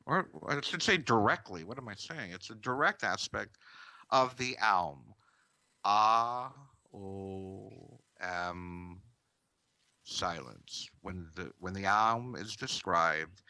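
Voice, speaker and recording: A man teaching meditation in a calm, deliberate talk, pausing often and sometimes correcting himself. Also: low voice, no room sound.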